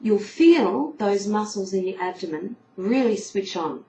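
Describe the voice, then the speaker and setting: A woman of middle pitch teaches singing, explaining breath support step by step and demonstrating the sounds herself. Her voice carries the echo of a reverberant room, with faint background noise underneath. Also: lively intonation, unhurried, mellow. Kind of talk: video singing lesson.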